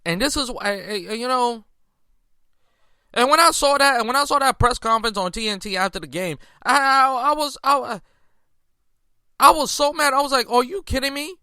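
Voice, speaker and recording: A man rants about last night's basketball in a high, bright, tense voice, restarting his sentences again and again and breaking into incredulous outbursts. The sound is dry and close, with no room around it. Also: normal speed, long pauses, clear, resonant tone, no echo. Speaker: sports podcast host. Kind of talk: casual sports commentary.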